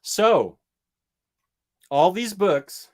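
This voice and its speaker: Hosting a relaxed comic book stream, a man with a high, animated, slightly mellow voice draws out his words. He jokes and rambles as he takes questions from viewers, tripping over words now and then.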